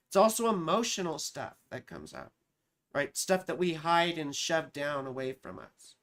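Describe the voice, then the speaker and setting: A woman hosts a casual astrology livestream, talking straight to her viewers and reading their comments aloud. She teases and swears freely, joking about herself as she goes. Her voice sits at an ordinary middle pitch. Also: fairly bright tone. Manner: joking, profane, teasing.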